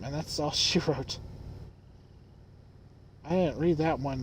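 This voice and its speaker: A man streaming a puzzle game, thinking aloud with amused asides and halting restarts. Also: a little high, a little hiss or hum. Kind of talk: let's play commentary, reading in-game notes aloud.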